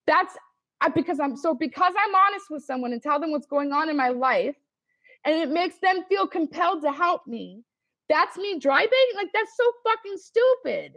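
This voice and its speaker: A high-voiced woman rants defensively and swears at every turn, sounding exasperated. Her voice comes through a dry, slightly dull voice-chat mic with no room sound. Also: fairly bright tone, dry recording. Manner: defensive, profane, exasperated ranting. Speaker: livestream participant. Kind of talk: heated casual argument.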